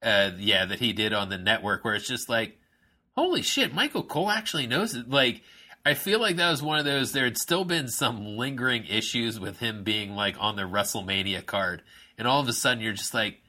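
A man co-hosting a casual wrestling podcast chat, joking and swearing casually in a relaxed way. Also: on the low side, normal speed.

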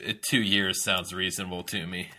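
Low-voiced laid-back podcast co-host. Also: male voice, level tone, normal speed, sharp tone, a little hiss or hum. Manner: laid-back, hesitant with fillers. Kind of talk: casual chat.

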